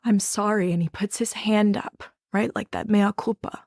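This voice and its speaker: A podcast host who is also a drama therapist tells a personal story in a gentle, earnest way, leading the listener through breathing and reflection and frequently asking "right?". Her mid-range, medium-pitched voice is creaky, sounds close and dry, and carries fairly even intonation at a moderate pace. There's no room sound.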